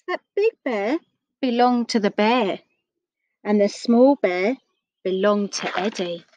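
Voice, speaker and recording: A woman reading a picture book aloud to children, gentle and unhurried, with questions for her listeners. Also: medium pitch, expressive, dry recording, lo-fi sound. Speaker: storyteller.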